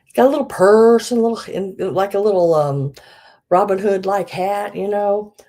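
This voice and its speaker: A woman's voice: medium pitch, normal speed, mellow. A middle-aged woman hosting a live vintage sale, chatting casually with many fillers and laughing at herself. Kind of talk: casual live-stream selling.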